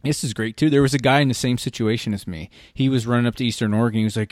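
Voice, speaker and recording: A man's voice: mid-range voice, steady tone, very fast, hardly any pauses, darkish tone, no room sound, studio quality. A man hosting a casual talk show, talking animatedly and frankly and swearing freely. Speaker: podcast host. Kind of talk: casual hunting gear chat.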